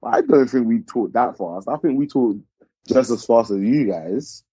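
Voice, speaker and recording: A man with a South London accent talking in a relaxed, slangy way as a podcast guest. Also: mid-range voice, normal speed, breathy edge, dry recording, muffled recording. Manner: relaxed, uses slang like "innit". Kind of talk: casual chat.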